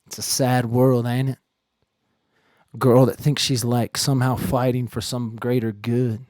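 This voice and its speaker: A man hosting a casual live stream, rambling and joking, swinging between low muttering and loud outbursts. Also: flat delivery, measured pace, no room sound, clean studio sound. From Ireland.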